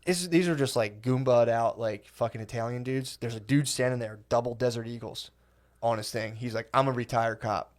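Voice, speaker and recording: A young man telling a profane, animated comedy story on a podcast, acting out the quoted lines. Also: medium pitch, normal speed. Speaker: podcast guest.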